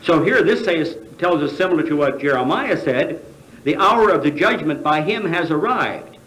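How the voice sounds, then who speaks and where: American guy preaching at a big convention, fairly high voice, lots of questions thrown at the crowd, echoey hall. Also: lively intonation, moderate pace, fairly bright tone. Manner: rhetorical questions, hesitant fillers. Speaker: convention speaker. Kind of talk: sermon.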